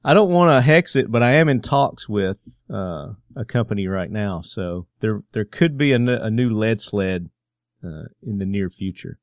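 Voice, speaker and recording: A man's voice: on the low side, lively intonation, normal speed, no room sound, clean studio sound. A man with a Southern US twang hosting a podcast in casual chat, joking and laughing easily. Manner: laughing, joking, loose and chatty. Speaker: podcast host.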